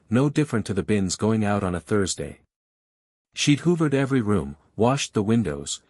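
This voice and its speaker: Older man, low voice, calm reflective storytelling, dry recording. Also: no echo. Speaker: narrator. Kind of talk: scripted first-person story narration.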